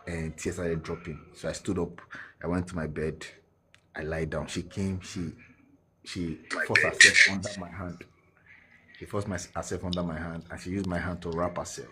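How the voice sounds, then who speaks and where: A man's voice: low-pitched, level tone, moderate pace, background noise. A man with a Nigerian accent giving an earnest personal testimony as a guest, slipping into Pidgin and restarting his sentences. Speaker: guest telling his story.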